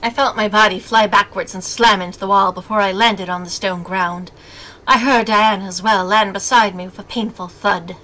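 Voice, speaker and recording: A woman's voice: medium pitch, fairly even intonation, normal speed, bright, forceful tone. A woman reading a visual novel aloud as a game streamer, with snarky asides between narration. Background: game music.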